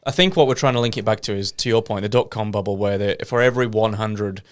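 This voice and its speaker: A man with an Australian accent co-hosting a casual investing podcast, thinking aloud in halting phrases and chiming in with quick agreement. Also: on the low side. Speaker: podcast co-host. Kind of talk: casual chat.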